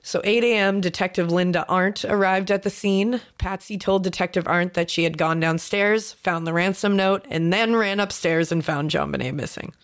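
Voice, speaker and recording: A woman's voice: lowish voice, normal speed, few pauses. A woman co-hosting a podcast, casually walking her co-host through the details of a crime case with lots of fillers. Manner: storytelling, filler-heavy, recounts case details. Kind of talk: casual true-crime chat.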